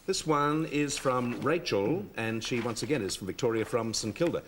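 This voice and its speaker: A man's voice: medium pitch, lively intonation, moderate pace, a little hiss or hum. An Australian man hosting a TV talk show, friendly, with affirming interjections as he reads viewer letters.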